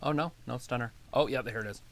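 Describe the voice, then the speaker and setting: A man's voice: medium pitch, fast talker, fairly bright tone, no echo. A man co-hosting a casual livestream, making dry offhand remarks while watching along. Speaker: livestream co-host.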